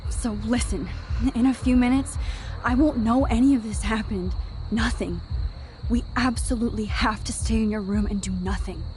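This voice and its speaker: A woman's voice: a little high, normal speed, darkish tone, soft background music, lightly acted. A woman voicing an anxious teenage girl who time travels, hesitant and stammering. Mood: earnest. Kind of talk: game voice acting.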